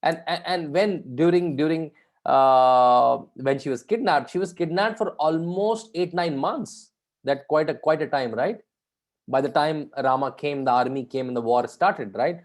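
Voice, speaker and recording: A man's voice: fairly high pitch, a little slow. A man leading an online session for students, talking conversationally, asking the audience questions and often adding "right?". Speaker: guest speaker leading a session. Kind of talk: interactive talk to students.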